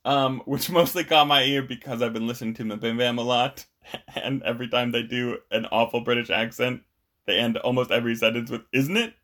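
A man's voice: medium pitch, steady tone, a little fast, a bit bright. Hesitant, rambling male podcast co-host. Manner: rambling, hesitant, with many restarts and fillers. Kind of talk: casual chat.

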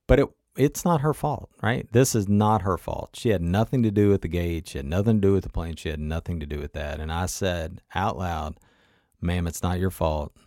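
A man's voice: deep voice, a little mellow, no room sound, clean studio sound. A man telling a personal travel story in a conversational, motivational way, often turning to the listener with asides.

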